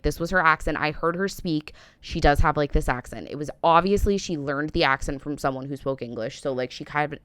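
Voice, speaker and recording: American woman in her 30s, low smooth voice, says like a lot, dry close sound. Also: a bit bright, dry recording. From United States. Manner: rambling, heavy use of "like" and "um". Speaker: reaction vlogger. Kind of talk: casual opinionated chat.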